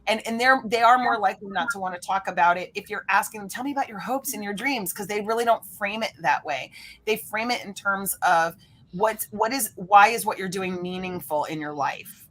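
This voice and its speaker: A woman speaking as a podcast guest, explaining networking styles in an energetic way and acting out the people she quotes. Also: medium pitch, brisk. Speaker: guest, referral coach. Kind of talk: animated podcast interview talk.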